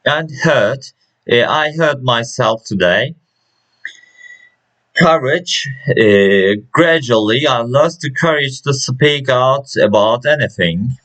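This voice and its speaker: A man works through a pronunciation lesson at an unhurried pace. His voice sits at a middling pitch, and he halts often with fillers and restarts as he reads words and their example sentences. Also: a bit bright, rough recording. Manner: slow and hesitant, many restarts and uh fillers. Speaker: pronunciation teacher.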